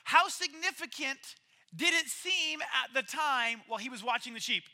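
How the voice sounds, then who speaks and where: A male preacher with an unusually high voice tells a sermon like a story. His tone is very bright and sharp, and he keeps it conversational and animated. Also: normal speed. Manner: lively, conversational, acts out quoted characters.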